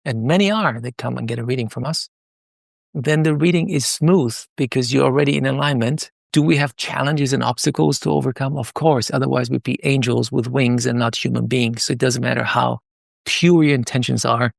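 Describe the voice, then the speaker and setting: A middle-aged man from Iran, a podcast guest, telling stories in an animated way with many fillers and restarts. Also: mid-range voice, fairly quick, vocal fry, dry recording, clean studio sound. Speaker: podcast guest, palm leaf reading moderator. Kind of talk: conversational interview storytelling.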